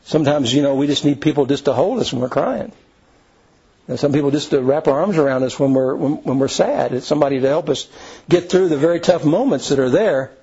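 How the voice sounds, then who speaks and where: A pastor preaches in a relaxed, conversational way, stopping to restart his thoughts and asking the congregation questions. His voice is a bit husky and sits slightly high for a man. The recording sounds a little dull and lo-fi. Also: a little fast. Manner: folksy, earnest, frequent restarts and "you know". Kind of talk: conversational sermon.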